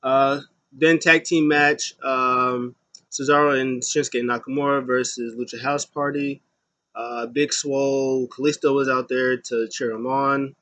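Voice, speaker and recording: A man's voice: medium pitch, level tone, pushed and bright. A young man casually recapping a wrestling show, rambling with lots of fillers. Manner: rambling, many fillers, paraphrases with quick voices.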